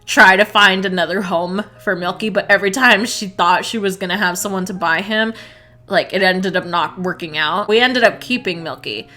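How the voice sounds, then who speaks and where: A woman's voice: mid-range voice, normal speed, pushed and bright. A young woman telling a casual story-time vlog, chatty and swearing a lot. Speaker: vlogger.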